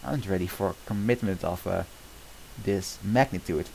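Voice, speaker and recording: Low-voiced man stumbling through a script. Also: normal speed, vocal fry, mellow, a little hiss or hum, low-quality recording. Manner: stumbles and restarts often, casual asides. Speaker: streamer. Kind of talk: reading a film script aloud.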